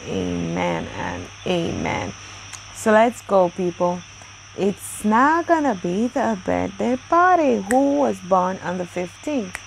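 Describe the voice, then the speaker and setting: A woman's voice: fairly low pitch, creaky, a little hiss or hum, low-quality recording. A woman hosting a daily Bible reading channel, chatting casually and effusively with many exclamations. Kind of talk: casual chat with birthday shout-outs.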